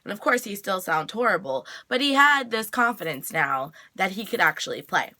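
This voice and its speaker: A woman's voice: medium pitch, lively intonation, normal speed, pushed and bright. A woman hosting her own review vlog, recapping a TV episode in a chatty way with lots of "like" and "you know". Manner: chatty, filler-heavy retelling with frequent "like". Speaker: TV review vlogger.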